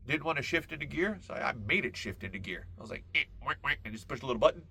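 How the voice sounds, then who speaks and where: A man hosting a podcast, telling a long comic story in a casual, profane and animated way. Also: medium pitch, rapid-fire, vocal fry, slight background noise. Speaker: podcast host.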